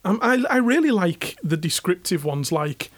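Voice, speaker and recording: A middle-aged man from Hull with a softened northern English accent, co-hosting a casual podcast chat and rambling with frequent laughs. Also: high voice, big pitch swings, moderate pace, no echo. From England. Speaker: podcast co-host.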